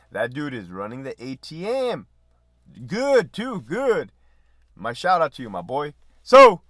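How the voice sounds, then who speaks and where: A middle-aged man, a former prison officer, telling a profane, lively story in casual podcast talk. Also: on the high side, no room sound, studio quality. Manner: profane, animated storytelling with laughs and quoted dialogue.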